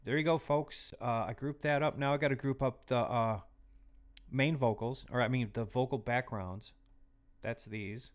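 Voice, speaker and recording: A man hosting a live stream who teaches music mixing in a chatty, casual way and often drops into quiet muttered asides while he works. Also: mid-range voice, fairly even intonation, normal speed. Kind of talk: casual live tutorial talk.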